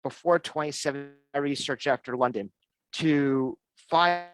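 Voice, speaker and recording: A man's voice: medium pitch, unhurried, clean tone. A man hosting an online fan show, chatting casually and enthusiastically, often restarting his sentences. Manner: rambling, enthusiastic, with frequent restarts. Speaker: host of a fan-group show.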